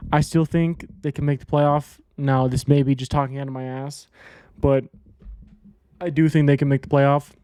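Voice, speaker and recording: Blunt, rambling man with a mellow voice. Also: medium pitch, level tone, normal speed, no room sound. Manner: rambling, repeats himself, blunt, swears. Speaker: sports betting podcast host. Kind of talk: casual solo sports commentary.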